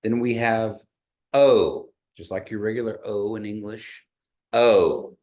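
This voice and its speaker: A man's voice: fairly low pitch, flat delivery, normal speed. A man teaching a language class in a classroom, patiently modeling sounds and having the learners repeat them. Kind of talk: classroom pronunciation lesson.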